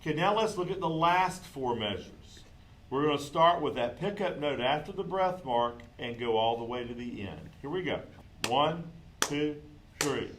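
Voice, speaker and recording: A man's voice: medium pitch, animated, normal speed, very noisy. A man teaching a clarinet lesson, patiently counting in and calling out note names and fingerings. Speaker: music teacher.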